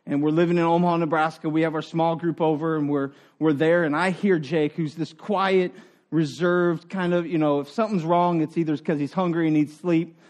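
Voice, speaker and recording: A middle-aged man preaching a sermon in an earnest, conversational way, dropping to quiet asides and rising for emphasis. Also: a little high, fairly even intonation, brisk. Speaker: pastor.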